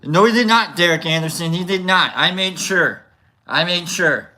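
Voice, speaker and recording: A man hosting a livestream, telling a story casually to his chat in an animated, rambling way with restarts. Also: high voice, normal speed. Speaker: livestream host.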